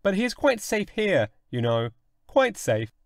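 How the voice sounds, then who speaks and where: A flustered Victorian scientist, fussy and urgent in his speech, as a male storyteller puts him on. The voice sits noticeably higher than the reader's own and leaps about in pitch. It is recorded dry and close, with no room sound. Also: big pitch swings, measured pace, vocal fry, no echo, full character voice.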